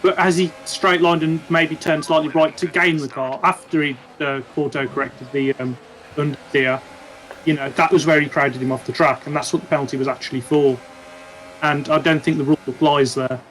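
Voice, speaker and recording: A man's voice: a little high, fairly even intonation, normal speed, a bit bright, a little hiss or hum, poor audio. A man co-hosting a podcast, giving his opinions casually and laying out what should have happened. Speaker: podcast co-host. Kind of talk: casual chat.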